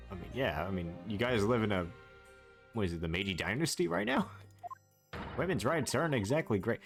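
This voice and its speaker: A male streamer chatting casually between reading lines, cracking jokes and laughing, his speech animated and bouncy. Game music runs underneath the whole time. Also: fairly low pitch, normal speed, gravelly, pauses often. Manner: joking asides, laughing. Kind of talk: live game playthrough commentary.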